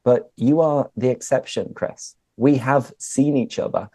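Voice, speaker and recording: A man's voice: mid-range voice, steady tone, a little slow, a crowd in the background. A British man hosting a casual chat for English learners, upbeat and explaining idioms as he goes. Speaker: host and English teacher.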